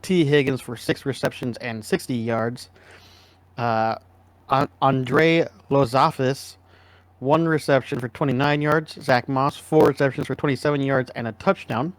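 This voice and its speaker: A man co-hosting a casual sports podcast, relaxed and agreeable, humming as he thinks aloud. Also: medium pitch, a little slow, dry recording. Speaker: podcast co-host.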